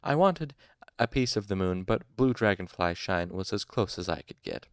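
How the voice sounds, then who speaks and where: Man doing a kind young student guy, soft teasing tone, a bit gravelly. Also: low-pitched, animated, normal speed, no room sound, clean studio sound. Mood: gentle. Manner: gentle, teasing. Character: young male student musician, gentle and kind.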